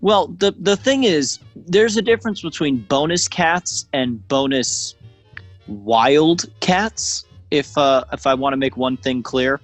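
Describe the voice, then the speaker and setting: A man's voice: a little high, animated, slow pace, no echo, soft background music. A man co-hosting a podcast, chatting casually in a joking, rambling way. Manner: jokey, rambling storyteller. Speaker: podcast co-host. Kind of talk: casual chat.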